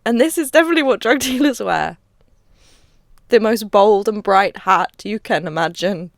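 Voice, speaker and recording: A woman's voice: medium pitch, expressive, normal speed, vocal fry. A woman casually reacting to an old comedy sketch of hers, chatty and self-mocking and laughing often.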